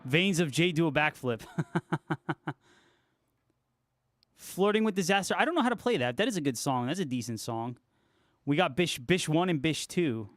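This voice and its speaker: A man's voice: on the high side, animated, measured pace, pauses often, no room sound, studio quality. A young man hosting a guitar livestream, chatting casually with viewers, laid-back and swearing freely. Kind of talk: casual chat reading viewer comments.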